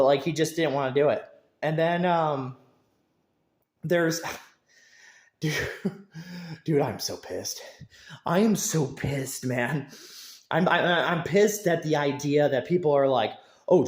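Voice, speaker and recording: A man's voice: fairly high pitch, echoey room. A man ranting to camera about football, emphatic and repetitive, with frequent stumbling restarts. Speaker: football fan vlogger. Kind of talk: rambling sports rant to camera.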